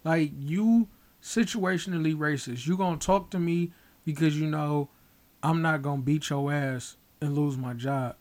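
An adult with a mid-range voice in a relaxed chat. The talk is slangy and profane, with dry comments on what others say. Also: medium pitch, a little slow. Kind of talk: casual chat.

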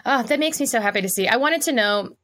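A woman's voice: on the high side, expressive, quick pace, a bit bright. A woman co-hosting a podcast, gushing in casual chat before asking a question. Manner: bubbly, gushing. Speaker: podcast co-host.

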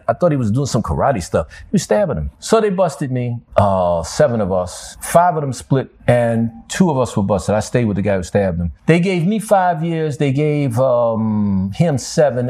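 An older man from New York, a guest telling stories from his life in an animated, streetwise way. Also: medium pitch, slightly rough. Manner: animated storyteller, streetwise slang. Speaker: interview guest. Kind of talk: storytelling interview.

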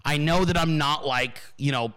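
High, bright-voiced profane man. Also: normal speed, clear, resonant tone. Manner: profane, animated storytelling. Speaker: podcast host. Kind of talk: casual monologue.

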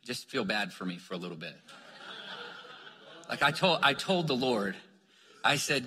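A male preacher delivers an energetic sermon full of stories, pressing his listeners on again and again. His voice is bright and forceful with a husky edge. It rings through a large hall with a long reverb. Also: mid-range voice, normal speed, long pauses. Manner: energetic, calls "come on" to the crowd. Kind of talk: sermon storytelling.

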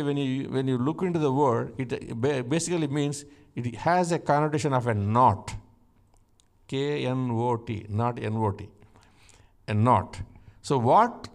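A man preaching a sermon, teaching slowly and emphatically from scripture and rising to exclamations. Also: mid-range voice, creaky, darkish tone.

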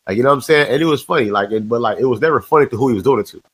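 A man casually telling stories on a podcast, slangy and animated. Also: mid-range voice, rapid-fire, husky. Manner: slangy, animated, lots of "you know what I'm saying". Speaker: podcast guest. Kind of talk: casual storytelling.

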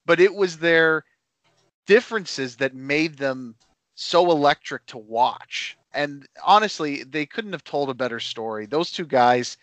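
Animated man, dry close sound. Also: on the high side, a little slow, no echo. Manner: animated, playful banter. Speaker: podcast co-host. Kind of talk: casual wrestling chat.

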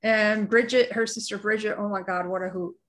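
A woman's voice: medium pitch, fairly even intonation, a little fast, fairly bright tone. A woman co-hosting a podcast, chatting in a gushing, effusive way about upcoming guests. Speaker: podcast co-host. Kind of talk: casual chat.

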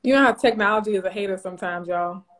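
A woman's voice: mid-range voice, fast. A woman from Louisiana, hosting a casual live stream. She is bubbly, laughs often and greets viewers by name. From Louisiana, USA.

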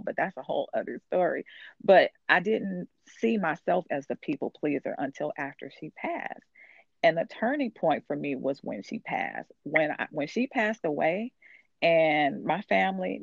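A woman talks earnestly about her own story, her voice gravelly with fry. The sound is thin and tinny, like a phone line, and very dry. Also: low-pitched, no room sound. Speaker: author. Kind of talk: casual conversation.

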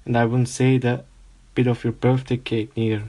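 A man's voice: medium pitch, flat delivery, moderate pace, warm tone, close to an everyday voice. A man reading as a huge kindly giant. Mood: easygoing. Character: huge good-natured adult male giant, proud and homely. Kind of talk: reading a novel aloud.

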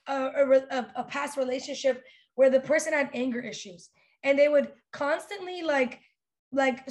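A young woman hosting a podcast, giving casual, animated advice with many fillers and restarts. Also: high voice. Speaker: podcast host.

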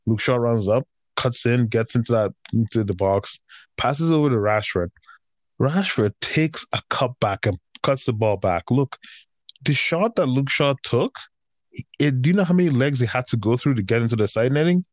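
A man's voice: medium pitch, expressive, moderate pace, dry recording. Man ranting profanely about football. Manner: heated, profane rant with slang like bro. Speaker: podcast host and football fan. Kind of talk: casual chat.

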